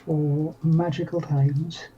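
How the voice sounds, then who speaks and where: A man's voice: on the high side, level tone, slow pace, lo-fi sound, crowd noise. A man co-hosting a casual painting stream, laid-back, with jokey asides. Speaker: stream co-host. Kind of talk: casual chat.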